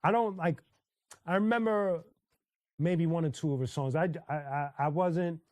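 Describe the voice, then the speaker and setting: A man's voice: a little high, moderate pace, dry recording. A man hosting a casual live stream, chatting loosely and telling stories, breaking into sung snippets and laughter. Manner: animated storyteller who sings snippets and laughs often. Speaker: host.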